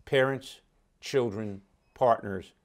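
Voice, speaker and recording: A college president opening a commencement ceremony with a formal, ceremonial welcome address. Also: male voice, mid-range voice, slow pace.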